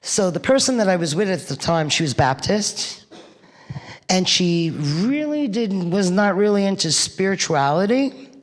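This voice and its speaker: Chatty New York woman, slow and echoey. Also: on the low side, lively intonation. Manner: chatty storyteller who laughs through her stories. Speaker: eulogy speaker. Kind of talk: eulogy sharing funny memories. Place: church hall. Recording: long reverb of a church hall.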